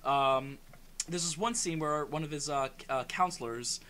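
Rambling, bright-voiced man. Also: a little high, normal speed, slight background noise. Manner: rambling storyteller, many fillers, loud shouted bits. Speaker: co-op gaming commentator. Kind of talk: casual gameplay chat.

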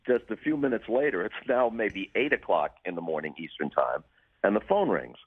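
An older broadcaster telling dry, wry anecdotes with deadpan punchlines as a radio show guest. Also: male voice, on the low side, normal speed, breathy edge, no room sound, phone-quality sound. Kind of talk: storytelling in a radio interview.

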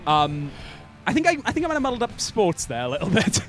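A Welsh man telling a rambling, playful comic story while gaming, quick to laugh. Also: high voice, wildly swooping pitch, a bit bright, faint music behind. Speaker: let's play co-host.

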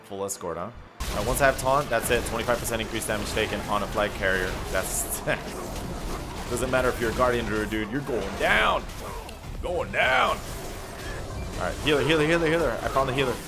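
Excited gamer man talking over game music. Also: medium pitch, fast. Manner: excited, chatty, jokey, lots of "dude" and "man". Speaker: gameplay streamer. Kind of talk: live gameplay commentary.

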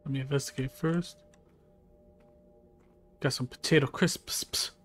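A man's voice: mid-range voice, fairly even intonation, measured pace, faint music behind. A male streamer giving loose, profane gameplay commentary, chuckling to himself as he plays. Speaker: gaming streamer.

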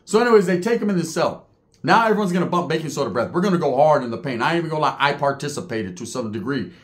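Talking very fast in a fairly high voice, this podcast storyteller animatedly recounts a street tale. It's casual storytelling full of street slang, with him mimicking how other inmates sounded.

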